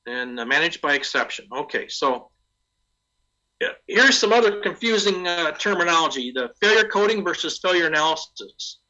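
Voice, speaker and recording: A man's voice: a little high, animated, moderate pace, pushed and bright, highs cut off. A man presenting at a maintenance conference, speaking conversationally and posing rhetorical questions to the audience.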